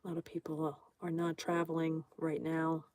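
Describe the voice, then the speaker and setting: A woman's voice: deep voice, monotone, moderate pace, darkish tone, no echo. A woman hosting a casual livestream, chatting and greeting viewers by name while she draws. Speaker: livestream host. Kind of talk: casual chat reading viewer comments aloud.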